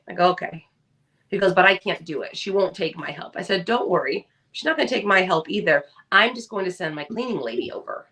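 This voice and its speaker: A woman co-hosting a podcast, chatting casually and telling lively stories, acting out the people she quotes. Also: on the low side, brisk, distant mic. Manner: animated storyteller, acts out quoted voices. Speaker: podcast co-host. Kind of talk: casual chat.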